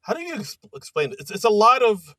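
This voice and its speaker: A man co-hosting a podcast in casual chat, halting and chatty as he reviews comedy sketches. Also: sits high, big pitch swings, pushed and bright, dry recording, clean studio sound. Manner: chatty, halting, with many fillers and restarts. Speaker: podcast co-host.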